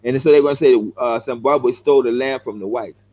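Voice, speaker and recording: A man's voice: medium pitch, brisk, a little mellow, low-quality recording. Man, middle-aged, los angeles accent, heated vlog rant, blunt, calls people bro. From South Central Los Angeles, United States. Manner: blunt, confrontational, repeats himself, calls viewers bro. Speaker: vlogger answering viewer comments. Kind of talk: heated direct-to-camera rant.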